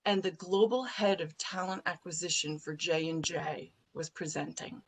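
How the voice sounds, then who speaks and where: A woman guest on a business podcast, telling an anecdote in an animated, blunt way. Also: lowish voice, moderate pace, slightly rough, poor audio. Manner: colorful, blunt phrasing. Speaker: guest, recruiting firm president. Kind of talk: podcast interview storytelling.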